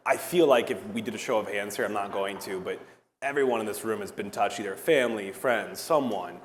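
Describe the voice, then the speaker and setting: A man's voice: lowish voice, brisk, a little hiss or hum. A podcast co-host moderating a panel on a stage before a live audience, upbeat and prompting his guests. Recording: long hall reverb, crowd murmur.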